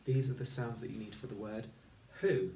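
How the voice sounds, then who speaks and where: A man teaching a recorded phonics lesson for children, speaking slowly and clearly and sounding out each letter and word. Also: fairly low pitch, fairly even intonation, a little mellow, slight background noise. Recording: echoey room, voice a little far from the mic.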